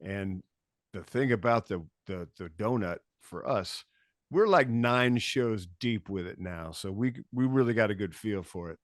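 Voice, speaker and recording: A man telling a story as a podcast guest in casual chat, animated, acting out quotes and swearing freely. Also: fairly low pitch, unhurried, no echo, studio quality. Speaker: podcast guest, bass tech.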